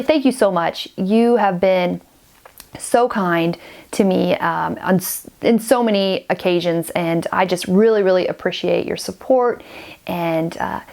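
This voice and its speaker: A woman's voice: medium pitch, vocal fry, darkish tone. Chatty forty-something woman knitting podcaster. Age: 40s. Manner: chatty, gushing, rambling with many restarts. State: stuffy and sniffly. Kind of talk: casual chat to camera.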